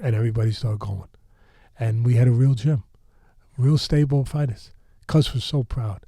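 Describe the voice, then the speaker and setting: A man in his sixties from New York tells a long story in a warm, low voice, drifting into asides. The recording is dry and close, a podcast studio mic with no room sound. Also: steady tone, normal speed, vocal fry, dry recording. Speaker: boxing trainer, podcast guest. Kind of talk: animated storytelling.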